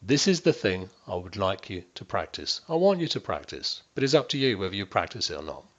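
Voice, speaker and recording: A man's voice: deep voice, sing-song, dull audio. Man coaching a stress-relief exercise. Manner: instructive, addressing listeners directly, checking in often; drops to near-whispers and slows down to demonstrate. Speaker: wellbeing coach. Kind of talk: guided stress-management exercise.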